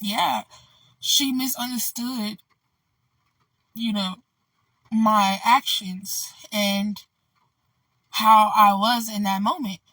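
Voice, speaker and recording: Bright-voiced woman rambling through a story. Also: medium pitch, fairly even intonation, drawn-out words, long pauses, dry recording, recorded from a distance, low-quality recording. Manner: rambling, loose and candid, heavy on "like" and "you know". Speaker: vlogger. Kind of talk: casual storytime vlog.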